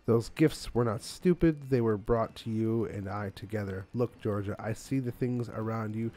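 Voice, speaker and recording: A man's voice: lowish voice, moderate pace, mellow, close to an everyday voice. A man voicing a solemn, mysterious wise cat in a video game who speaks in grave pronouncements.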